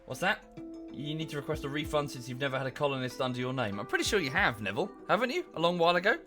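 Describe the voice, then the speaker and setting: A man's voice: fairly high pitch, very animated, rapid-fire, music in the background. A man streaming from home in a casual, rambling chat, a bit out of breath. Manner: chatty, rambling with many fillers. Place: home room.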